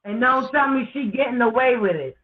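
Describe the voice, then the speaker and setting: Co-host, short reactive remarks, mid pitch, phone-like tinny sound. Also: lively intonation, brisk. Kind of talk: casual chat.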